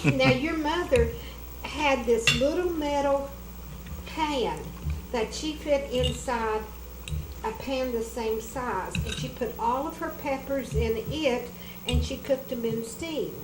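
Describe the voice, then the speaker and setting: A woman's voice: sits high, slow pace. A woman co-hosting a dinner show, chatting in a homey way about her cooking. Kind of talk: casual chat over dinner. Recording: echoey room with background noise.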